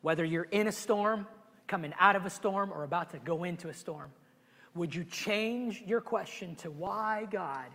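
Male pastor, very high and bright voice, emotional sermon delivery, church hall reverb. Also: normal speed. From immigrated to the US at twelve. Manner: emotional, animated preaching with many restarts. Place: church sanctuary.

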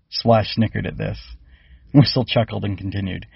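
A man narrating a storybook in a steady, plain reading voice. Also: fairly low pitch, normal speed, gravelly, husky, no echo, lo-fi sound. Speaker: author and audiobook narrator.

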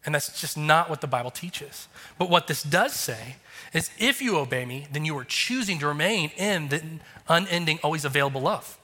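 A man's voice: fairly high pitch, lively intonation, normal speed, bright, forceful tone, long reverb tail. A man in his thirties, a pastor giving an earnest, conversational sermon with emphatic turns.

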